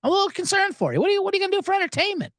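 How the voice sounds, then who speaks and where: A man's voice: very high-pitched, sing-song, racing, fairly bright tone, pitched above the performer's own voice, exaggerated voice. A man voicing a pushy, fake-concerned female cable company phone rep in a comedy bit. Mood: syrupy concern. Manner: fake-concerned, persistent upselling. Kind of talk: comedic impression in a stand-up bit.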